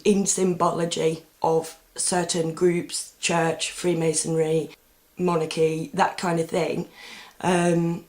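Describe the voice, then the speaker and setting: A woman talking casually to camera in a meandering, chatty way, full of ums and restarts. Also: fairly low pitch. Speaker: vlogger. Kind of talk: casual rambling monologue.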